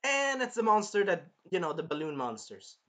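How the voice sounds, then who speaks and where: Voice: medium pitch, big pitch swings, a little fast. A person giving a casual, rambling spoken review of an anime episode, swearing freely and drifting off topic. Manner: rambling, profane, jumps into loud impressions of characters.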